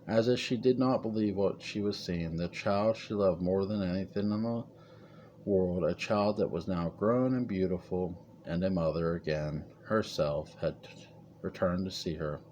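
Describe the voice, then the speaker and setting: A man narrating a gothic family story in a measured, dramatic reading. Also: low voice, dark tone, a little hiss or hum.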